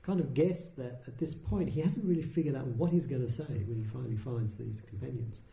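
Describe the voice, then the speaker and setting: A man giving a Buddhist dharma talk, telling the story in a relaxed, conversational way with dry humour. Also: mid-range voice, brisk, vocal fry, slight background noise. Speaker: dharma teacher. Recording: roomy echo.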